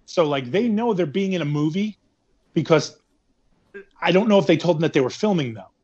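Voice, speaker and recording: A man's voice: on the high side, lively intonation, a little fast, darkish tone, breathy edge, muffled recording. A man casually recapping a film, rambling and sarcastic, swearing freely. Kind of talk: casual movie recap chat.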